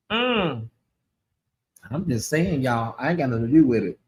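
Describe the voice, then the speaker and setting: Sassy male host chatting on a livestream with a high, crisp, bright voice. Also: animated, normal speed. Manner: sassy, chatty, calls listeners honey and y'all. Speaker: channel host. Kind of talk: casual livestream chat.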